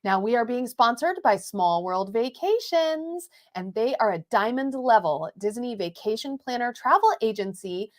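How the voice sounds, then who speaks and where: A woman's voice: a little high, lively intonation, normal speed, few pauses. Bubbly, giggly woman podcast co-host. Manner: bubbly and giggly, with many "like" fillers. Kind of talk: casual live podcast chat. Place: home recording setup in Long Beach, California. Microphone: new podcast microphones.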